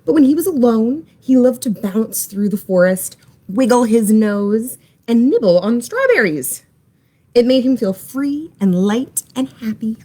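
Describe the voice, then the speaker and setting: A woman reading a children's story aloud for library storytime, in an expressive, animated way. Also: on the high side, a little slow.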